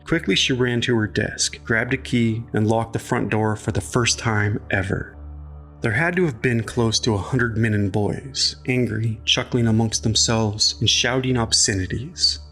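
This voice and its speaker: A man narrating an audiobook chapter in a measured, even storytelling manner. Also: medium pitch, faint music behind.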